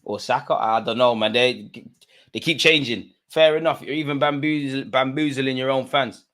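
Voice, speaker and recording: A man runs a live football watch-along, talking the match through in slangy banter. His voice is bright and forward. He swings from muttered asides to excitable shouts at the referee. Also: medium pitch, normal speed. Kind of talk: live match reaction commentary.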